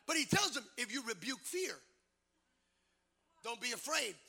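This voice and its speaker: A male preacher delivering a sermon to a congregation in church, using rhythmic repetition that builds to shouted climaxes. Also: extremely high pitch, measured pace, creaky, slightly rough. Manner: energetic, animated. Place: church service before a congregation.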